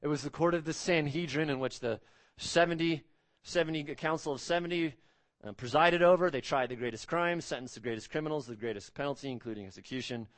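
A man preaching a sermon as pastor, speaking emphatically, rising on key words and dropping low and quiet on solemn points. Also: quick pace, dry recording.

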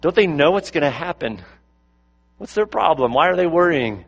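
A male pastor delivering a sermon, swinging between louder, higher bursts and low, quiet passages, with lots of rhetorical questions. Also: animated, normal speed, highs cut off. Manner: rises and drops in pitch and loudness for emphasis, asks rhetorical questions.

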